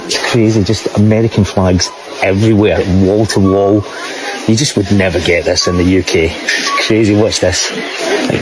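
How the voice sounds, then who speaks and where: A man walks through a large store, narrating excitedly and laughing often. His voice sits fairly low. A clear store ambience runs behind him. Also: background noise. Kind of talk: walk-around vlog.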